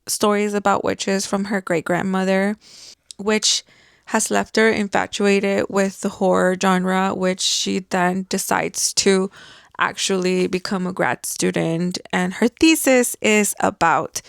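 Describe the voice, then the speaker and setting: A woman's voice: medium pitch, creaky, no echo, studio quality. A woman book vlogger in casual, enthusiastic chat, peppered with fillers and light laughs. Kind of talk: casual reading wrap-up chat.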